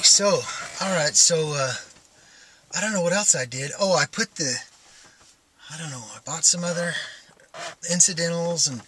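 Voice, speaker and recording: A man with a bright, forceful voice pitched a touch high tells a personal vlog story in a meandering way. He thinks aloud and keeps stopping and starting over. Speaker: vlogger.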